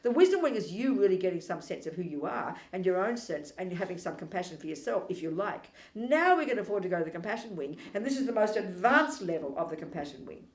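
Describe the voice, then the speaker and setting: A woman's voice: fairly low pitch, fast talker, hardly any pauses. Emphatic woman dharma teacher, provocative and wry, roomy hall sound. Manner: animated, emphatic, provocative and ironic. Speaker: Buddhist teacher. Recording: echoey room.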